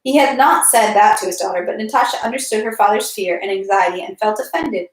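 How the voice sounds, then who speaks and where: A woman reading a classic novel aloud in a steady voice, with occasional slips and self-corrections. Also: medium pitch, fairly quick. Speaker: reader. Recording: echoey room.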